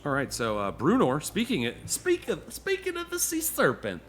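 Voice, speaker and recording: A man's voice: on the high side, wildly swooping pitch, normal speed, a bit bright, a little hiss or hum. A man narrating as game master of a tabletop game, in a loose, easygoing way with lots of "you know".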